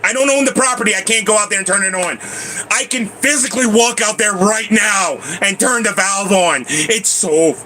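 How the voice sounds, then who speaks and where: A man livestreaming from his parked bus, angrily venting to his viewers, swearing and then trying to calm himself down. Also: sits high, moderate pace, a little hiss or hum, poor audio. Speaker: livestream vlogger.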